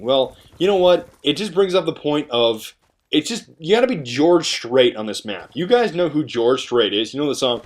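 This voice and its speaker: A man's voice: mid-range voice, animated, a little fast. A young man giving casual, joking gameplay commentary with rambling, chatty asides. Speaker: gaming video commentator.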